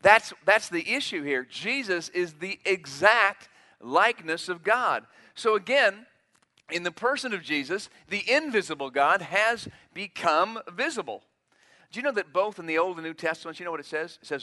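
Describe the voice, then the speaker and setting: A man's voice: sits high, animated, normal speed, pushed and bright. A man preaching a sermon, emphatic, acting out quotes in a raised voice. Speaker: pastor.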